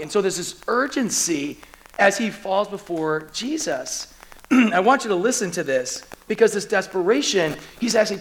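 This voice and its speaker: High-voiced middle-aged man preaching. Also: moderate pace, low-quality recording. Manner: animated, acts out scripture scenes with pleading urgency. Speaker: lead pastor. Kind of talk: sermon.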